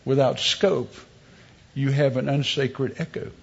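A man's voice: medium pitch, fairly even intonation, takes it slowly, creaky, highs cut off, heavy background noise. A middle-aged male pastor preaching a sermon, mixing scripture with humorous personal stories. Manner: storytelling with humor, emphatic preaching.

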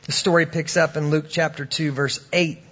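A man's voice: on the high side, little pitch movement, normal speed, fairly bright tone, slightly rough, highs cut off. A man preaching a sermon, telling a personal story and acting out the voices of the people in it. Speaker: pastor.

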